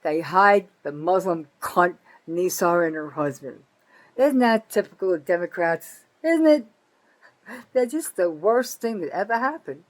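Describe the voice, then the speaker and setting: Speaking expressively and a little slowly, an older North Jersey, USA woman vlogs an angry political rant on a low-quality recording. She's bitter and swears a lot, moving between loud outbursts and quiet muttering.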